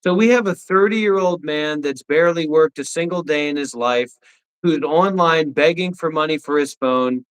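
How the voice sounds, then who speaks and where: Livestream co-host, a man, slightly high-pitched, bossy and preachy in tone. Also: moderate pace, clean tone, low-quality recording. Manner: pushy, lecturing, mocking. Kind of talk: casual livestream banter.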